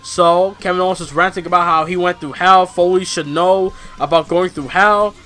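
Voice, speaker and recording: A man's voice: high-pitched, moderate pace, faint music behind. A man giving a casual wrestling review, rambling and swearing and ranting with energy. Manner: rambling, profane, animated ranting.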